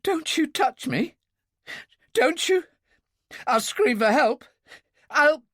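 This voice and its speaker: A man's voice: extremely high pitch, animated, slow pace, fairly bright tone, no echo, studio quality, pitched above the performer's own voice, exaggerated voice. A man voicing a frightened young woman of about twenty-one in an audiobook thriller, pleading in a shaky, desperate voice.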